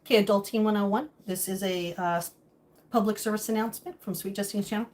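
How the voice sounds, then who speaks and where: A woman's voice: medium pitch, steady tone, quick pace, darkish tone. A woman hosting a live stream from her home kitchen, chatting casually and joking as she answers viewer comments while she cooks.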